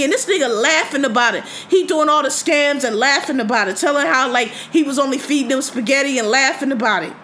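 A woman's voice: sits high, fairly quick, hardly any pauses, fairly bright tone, slight background noise. A woman hosting a podcast, retelling a story in casual, profane, indignant speech. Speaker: podcast host.

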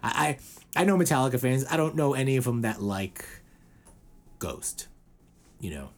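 A man hosting a casual podcast, rambling with lots of fillers and quick put-on quotes. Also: medium pitch, expressive. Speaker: podcast host.

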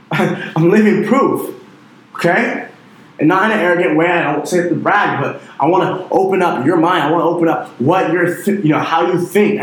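Fired-up young man ranting in an echoey room. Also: fairly high pitch. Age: 20s. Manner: intense, profane and emphatic, with repeated "dude" and "you know". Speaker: motivational online entrepreneur. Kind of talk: fired-up motivational rant.

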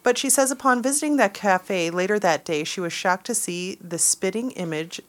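A woman's voice: medium pitch, normal speed. A woman co-hosting a radio show, reading out odd news stories with dry, dismissive asides.

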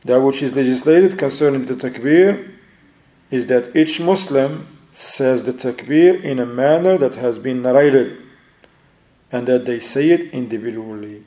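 A man with a warm, mid-range voice teaches a religious book study, speaking a little slowly in a reverberant space. He explains step by step and checks in with his listeners. His non-native English is mixed with Arabic phrases.

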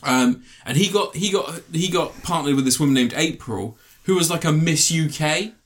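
A man in casual podcast chat, telling a story with plenty of swearing. He slips into put-on voices to quote people, his delivery animated and loose. The tone is that of a relaxed co-host. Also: fairly high pitch, normal speed. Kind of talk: casual chat, reviewing reality TV.

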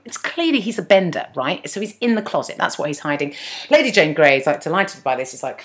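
A woman's voice: fairly low pitch, sing-song, a little fast. A woman co-hosting a podcast, chatting and mocking as she recaps a TV episode and acts out lines. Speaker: podcast co-host. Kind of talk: casual chat recapping a TV episode.

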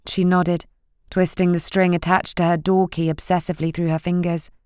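A woman narrating a novel in a measured, gentle reading. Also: fairly low pitch, level tone, clear, resonant tone, dry recording, clean studio sound. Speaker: audiobook narrator. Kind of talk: scripted narration.

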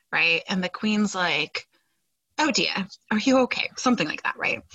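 A woman's voice: mid-range voice, pushed and bright, no room sound, poor audio. A woman co-hosting a podcast, recapping a TV episode in casual chat, with many fillers and sarcastic asides. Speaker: podcast co-host.

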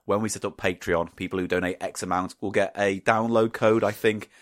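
A man's voice: lowish voice, a little fast, no echo, studio quality. A man co-hosting a podcast, chatting casually, joking and swearing freely. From United Kingdom. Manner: sweary, jokey, animated. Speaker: podcast co-host. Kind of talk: casual chat.

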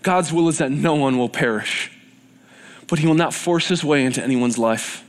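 A man's voice: mid-range voice, moderate pace. A man preaching a sermon in a church, earnest and repetitive, building in intensity.

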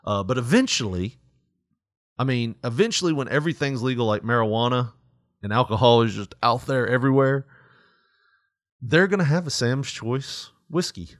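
A man's voice: medium pitch, expressive, normal speed, no room sound, clean studio sound. A young man telling a work story in casual chat, laughing often and acting out quotes. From Tennessee.

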